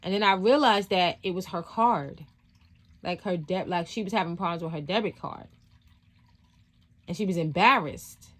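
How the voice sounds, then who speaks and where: Casual spiritual vlog host, woman, lower-pitched voice, rambling storyteller with many restarts. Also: normal speed, pauses often.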